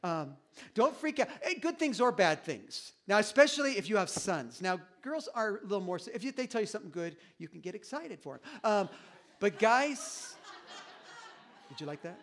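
A middle-aged male pastor preaching a sermon in a conversational, animated way, with many restarts. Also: sits high, normal speed.

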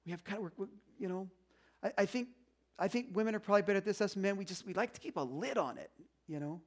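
A man's voice: high-pitched, expressive, quick pace. A man preaching a sermon as pastor, in a conversational way, acting out little voices and quotes.

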